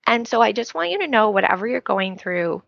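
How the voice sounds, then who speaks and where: Earnest woman with a gravelly edge. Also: mid-range voice, very animated, brisk, a bit bright, dry recording, muffled recording. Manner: earnest and heartfelt, with many fillers. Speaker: author and podcast guest. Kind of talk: podcast interview conversation.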